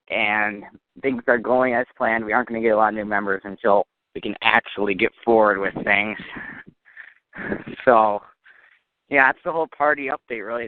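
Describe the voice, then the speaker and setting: A man hosts a joking call-in comedy show, mock-serious and teasing, laughing at his own jokes while suffering from a cold. His voice is mid-range, and the phone-line audio is tinny and dry with no echo.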